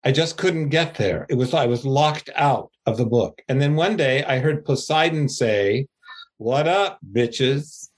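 An older man, an author, giving a slow, rambling, self-deprecating interview answer. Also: medium pitch.

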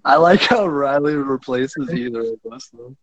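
A man's voice: medium pitch, normal speed, a little hiss or hum, low-quality recording. A man co-hosting a podcast in casual chat, teasing in a dry way. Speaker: podcast co-host.

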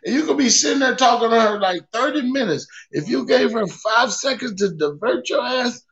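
A man's voice: very high voice, expressive, a little fast, fairly bright tone, muffled recording. A man on a podcast telling family stories with heavy swearing, acting out his own reactions in casual chat. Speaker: podcast co-host.

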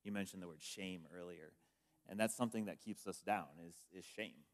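Deep-voiced pastor, gently affirming. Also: male voice. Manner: gentle, affirming, halting with fillers. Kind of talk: sermon interview.

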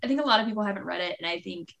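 A woman co-hosting a casual book podcast, retelling scenes in an excited, emotional way. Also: mid-range voice, very fast, creaky. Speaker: podcast co-host.

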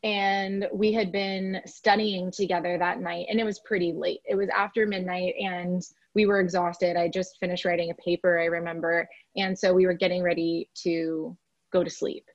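A woman's voice: fairly low pitch, flat delivery, normal speed, dry recording. A woman, a podcast guest, recounting a personal story in a chatty way, full of "like" and "you know". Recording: dry, slightly dull recording.

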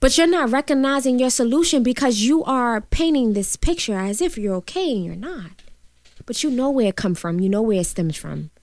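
A woman in a candid chat who presses others with pointed questions and grows softer and quieter when she tells a personal story. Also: on the high side, animated, normal speed, no echo. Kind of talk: emotional casual chat.

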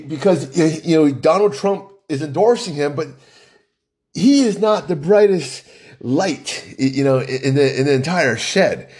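A man's voice: sits high, a little mellow. A middle-aged man from Hawaii, rambling through a casual monologue full of restarts and fillers.

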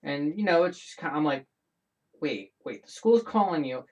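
A man with a slightly raised speaking voice hosts his own show, talking casually and alone. He rambles from point to point, animated, backtracking and restarting his sentences as he goes. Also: a little high, moderate pace. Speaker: show host. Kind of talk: casual solo podcast chat.

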